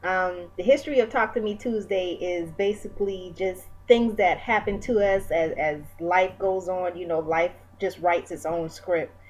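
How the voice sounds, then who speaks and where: Woman, 40s, lowish voice, candid and encouraging, chatty personal vlog talk with fillers. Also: normal speed, hardly any pauses, a little mellow, poor audio. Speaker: vlogger.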